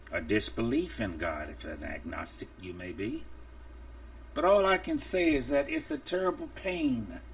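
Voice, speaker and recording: A man's voice: mid-range voice, vocal fry, recorded from a distance. A male preacher delivering an impassioned, emphatic sermon for a podcast, openly angry.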